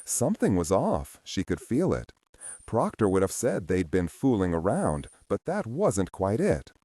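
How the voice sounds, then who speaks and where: A man narrates a thriller audiobook in a low, dark voice. His pitch moves widely as he tells the story in a measured way. The sound is dry and close. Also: huge pitch swings, husky, no room sound. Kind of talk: scripted narration.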